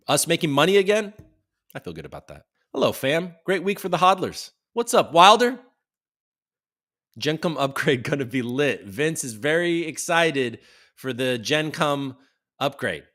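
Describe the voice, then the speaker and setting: A man's voice: a little high, very animated, moderate pace, pauses often, a bit bright. A man hosting a casual livestream, chatting loosely and reading viewer comments aloud as they come in, with the odd swear. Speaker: livestream host.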